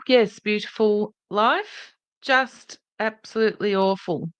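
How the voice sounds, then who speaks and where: A woman's voice: medium pitch, steady tone, measured pace, a bit bright, clean tone, no echo. A woman hosting a podcast livestream in a casual, chatty way, greeting viewers by name and speaking earnestly and indignantly. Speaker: podcast host.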